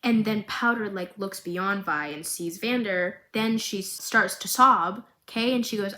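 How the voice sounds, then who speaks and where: A young woman retelling a story to her viewers in a casual, emotional vlog, with dramatic, expressive delivery and chatty asides. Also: medium pitch, a little slow, few pauses, poor audio. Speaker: video creator recapping a series.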